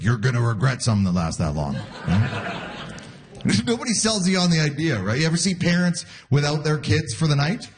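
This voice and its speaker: Lively stand-up comic in his forties. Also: fairly high pitch, slight background noise. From Canada. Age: 40s. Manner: lively, acts out quoted voices, laughs at his own jokes. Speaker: stand-up comedian. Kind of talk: stand-up comedy set. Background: audience laughter.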